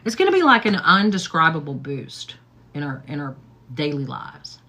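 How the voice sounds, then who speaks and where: Low, bright-voiced chatty woman. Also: sing-song, normal speed. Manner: chatty, rambling, repeats "okay?" and "like". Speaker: livestream host. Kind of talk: casual get-ready-with-me livestream chat.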